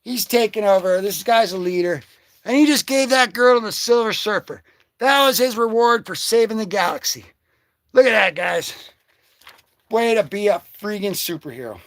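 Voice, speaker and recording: An excitable man hosting a casual comic book vlog, joking and slangy as he talks through his comics. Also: high-pitched, moderate pace, no echo, studio quality. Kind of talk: casual livestream commentary.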